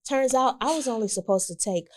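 A woman with a fairly high, brisk voice tells a story in casual conversation, animated and laughing often as she acts out what people said.

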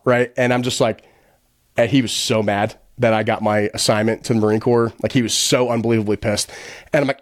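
A man from the United States, guesting on a podcast, speaks a little fast in a mid-range voice with fairly even intonation. In this casual storytelling interview he's blunt and swears, retelling events by quoting others, in studio quality with no room sound.

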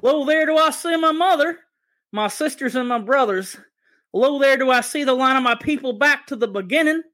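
A man voicing a solemn male Viking warrior who recites a death prayer in a slow, raised, declaiming voice. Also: extremely high pitch, pushed and bright, pitched above the performer's own voice.

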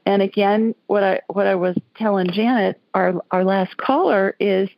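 A woman's voice: mid-range voice, normal speed, creaky, no echo. A woman from Alabama, hosting a call-in radio show in a folksy, chatty way. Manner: chatty, folksy, laughs often. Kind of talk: casual call-in radio chat. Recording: dull lo-fi audio.

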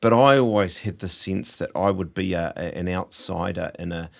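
A man's voice: low voice, moderate pace, creaky. A man with a West Auckland accent hosting a casual interview, chatty, with stammering restarts. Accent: New Zealand, West Auckland. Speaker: podcast host.

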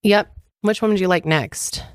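A woman's voice: medium pitch, no echo, studio quality. A young woman co-hosting a casual podcast chat, running a guessing game with a playful, teasing manner. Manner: playful, teasing, quick to laugh.

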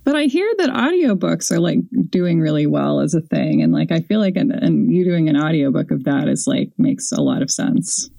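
A woman's voice: sits low, expressive, moderate pace, vocal fry, hardly any pauses, warm tone, dry recording. An American woman co-hosting a movie podcast, talking in an enthusiastic, rambling way with many fillers. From United States. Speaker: podcast co-host. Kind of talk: casual podcast chat.

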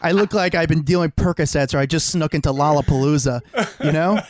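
A man's voice: fairly high pitch, fast, crowd noise. A man, a podcast co-host telling a long story at home in casual chat, acting out the voices and swearing freely. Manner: animated, swears freely, acts out quoted voices.

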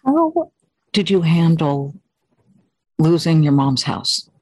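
A woman hosts an interview, asking questions with lively reactions. Her voice is husky and moves a lot in pitch. It sits somewhat low. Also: slow, no room sound, low-quality recording.

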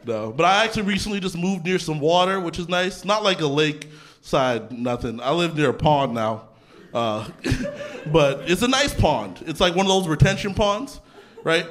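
A young adult man from Canada doing a stand-up comedy set in a theatre, talking conversationally with deadpan punchlines and casual asides. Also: a little high. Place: theatre stage before a laughing audience. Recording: live theatre set with crowd laughter. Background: audience laughter.

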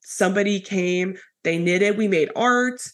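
A woman's voice: medium pitch, measured pace. Chatty storytelling woman podcast host. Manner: animated storyteller, many fillers. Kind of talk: casual conversational interview.

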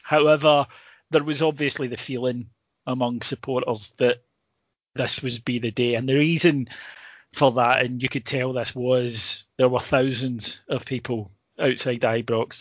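A man's voice: medium pitch, a bit bright, no echo. Emotional Scottish man telling a story. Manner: emotional, rambling storyteller with many restarts. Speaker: sports journalist and guest. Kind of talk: casual storytelling chat.

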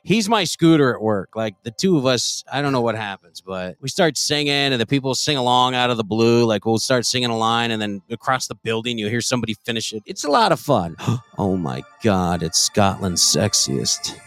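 A man's voice: mid-range voice, expressive, fairly quick, few pauses, a bit bright, dry recording, faint music behind. A man co-hosting a podcast, joking crudely and playfully, often laughing. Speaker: podcast co-host. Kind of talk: raunchy comedic banter.

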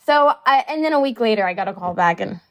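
A woman who is an actress, telling stories in a casual interview chat, chatty and animated with quick asides. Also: mid-range voice.

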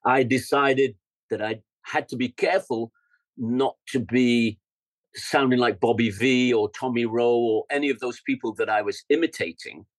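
An older man with an English accent, a musician guest telling lively studio stories in a podcast interview. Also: medium pitch, normal speed, no echo, rough recording. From England. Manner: animated storyteller, scats rhythms and acts out quotes. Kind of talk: storytelling interview.

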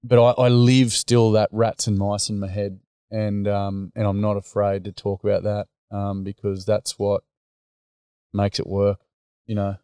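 A middle-aged Australian man talks casually as an interview guest, full of slang and easygoing storytelling. His voice sits low and mellow with a smooth, resonant tone. The recording is close and dry. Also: little pitch movement, a little slow, no room sound. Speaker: guest, workshop facilitator.

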